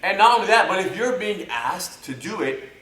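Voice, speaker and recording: A man who teaches jiu-jitsu and co-hosts, explaining in an animated way and acting out scenarios as he talks. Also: high voice, normal speed. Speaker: jiu-jitsu instructor and co-host. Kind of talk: casual instructional talk. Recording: roomy and distant mic.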